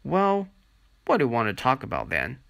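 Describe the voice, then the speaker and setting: A teasing teenage girl from a storybook, her voice lifted high with a bright, mocking lilt, as a male narrator puts her on. The line bounces around lively and is recorded close and dry. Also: normal speed, creaky, no room sound, exaggerated voice. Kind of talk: audiobook reading.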